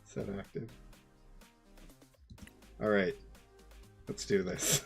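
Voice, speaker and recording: A man's voice: lowish voice, drawn-out words, gravelly, faint music behind. A man casually commentating his own online card game, muttering to himself and chuckling often. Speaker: streamer playing a card game.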